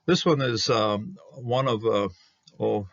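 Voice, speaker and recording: A man explaining a Hebrew Bible manuscript, halting with many fillers and restarts as he reads words slowly. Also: on the low side, no echo. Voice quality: gravelly and husky. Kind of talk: unscripted explanatory study talk. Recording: dull lo-fi dry recording.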